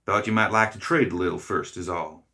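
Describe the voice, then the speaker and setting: A steady mercenary leader, voiced by a man in a storybook tale, talking softly to calm the situation. His voice sits low, with a bright edge. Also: fairly quick. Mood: placating. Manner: placating, easygoing.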